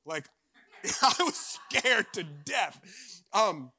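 A man delivering a sermon in a high, ringing voice. He preaches earnestly and then tells stories in a chatty, self-deprecating way, with plenty of casual fillers. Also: very animated, a little slow, sharp tone, no echo. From eastern North Carolina. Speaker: pastor. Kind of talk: sermon with personal storytelling.

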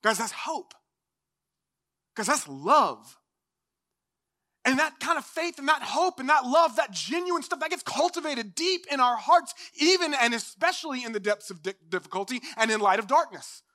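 A young adult man preaching a sermon as pastor, impassioned, swinging from loud declarations to hushed, low passages. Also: big pitch swings, moderate pace.

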